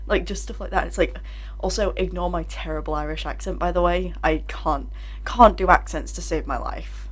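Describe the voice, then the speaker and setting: A woman's voice: on the low side, fairly even intonation, normal speed, a bit bright. A woman hosting a reaction video, chatting casually and making self-deprecating asides.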